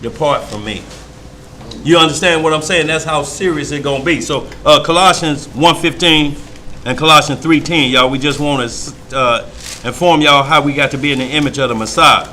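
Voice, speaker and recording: Bible study leader, man, bright and fairly high voice, emphatic folksy preaching, faint room noise. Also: steady tone, brisk. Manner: emphatic, folksy, often asks if listeners follow. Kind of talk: informal preaching.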